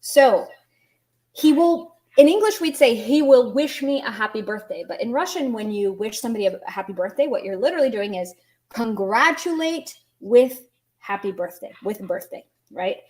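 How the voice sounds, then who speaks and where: A woman's voice: fairly high pitch, animated, darkish tone. Patient woman teaching a language lesson. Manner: patient, explains slowly, asks students questions.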